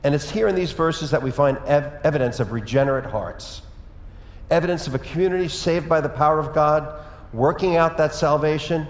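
A man preaching a sermon as pastor, telling a personal story in a conversational way with lively asides. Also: on the high side, brisk. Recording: echoey hall with long reverb.

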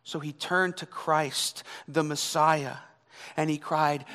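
A man preaching a sermon, dramatic, swinging between loud emphasis and hushed, near-whispered lines. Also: fairly high pitch, slow. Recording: long hall reverb.

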